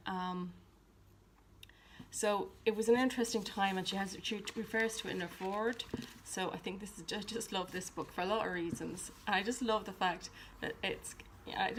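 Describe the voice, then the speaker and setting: A woman at home rambles cheerfully through a book vlog, stopping often to restart her sentences. Her voice sits at an ordinary middle pitch, with a faint hum in the room behind her. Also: fairly bright tone. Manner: chatty, rambling, with many ums and restarts. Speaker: book vlogger. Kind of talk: casual chat.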